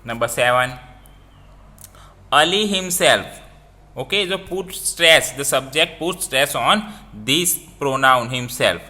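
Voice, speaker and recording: A man teaching a grammar lesson, explaining slowly and repeating each example with phrasing. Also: mid-range voice, expressive, bright, forceful tone. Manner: slow, repetitive explaining with non-native phrasing.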